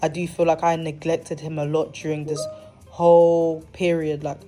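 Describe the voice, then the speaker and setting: A woman's voice: deep voice, little pitch movement, normal speed, mellow, faint music behind. A young woman hosting a podcast, talking candidly and animatedly in a casual monologue with slangy, dramatic asides. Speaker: podcast host.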